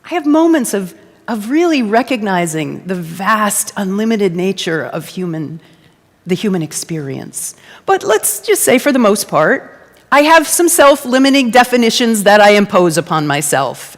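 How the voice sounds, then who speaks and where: Lively woman preaching in a reverberant hall. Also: mid-range voice, measured pace. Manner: lively, playful, asks the congregation to answer back. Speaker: guest speaker at a church service. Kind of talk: conversational sermon. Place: church sanctuary before a congregation.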